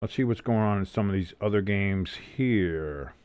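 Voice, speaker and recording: This man's fairly low, slightly mellow voice has a clean tone and normal pace, with no room sound. As host of a live football watch-along, he calls plays, reads the chat and chats casually with viewers, swearing freely.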